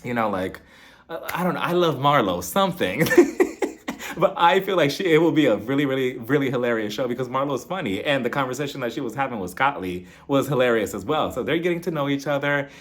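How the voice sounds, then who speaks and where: A man's voice: mid-range voice, expressive, fairly quick. A man casually reviewing a reality TV episode, acting out quotes and laughing often. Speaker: TV recap reviewer.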